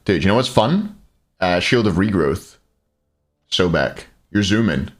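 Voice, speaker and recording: A man casts a live esports stream in a low, animated voice at a measured pace. Between bits of game commentary, he jokes and chats with his viewers.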